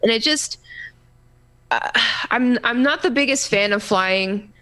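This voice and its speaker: A woman co-hosting a casual gaming podcast, talking in a rambling, halting way full of restarts and fillers. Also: fairly high pitch, a bit bright. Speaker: podcast co-host.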